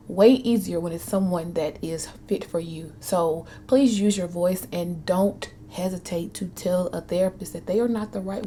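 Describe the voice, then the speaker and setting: Woman in her 30s, lowish mellow voice, earnest vlog talk that dips to whispers, faint hum behind. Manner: earnest, emotional, addresses viewers as y'all, drops to soft whispers. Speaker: vlogger. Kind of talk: heartfelt personal talk to camera.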